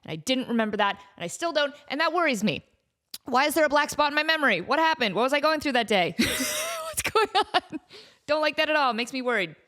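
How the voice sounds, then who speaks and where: A woman in her thirties hosting a podcast in casual chat, animated and joking at her own expense. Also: high-pitched, fast. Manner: animated, self-mocking, joking. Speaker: podcast host.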